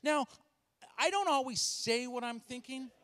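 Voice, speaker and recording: A male pastor telling a funny story in a sermon, excitable and animated. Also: very high-pitched, measured pace, long reverb tail.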